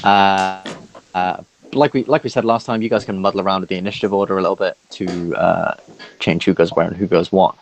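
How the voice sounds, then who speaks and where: A man narrating a tabletop game as dungeon master, halting with many fillers. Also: low-pitched, steady tone, a little hiss or hum, poor audio.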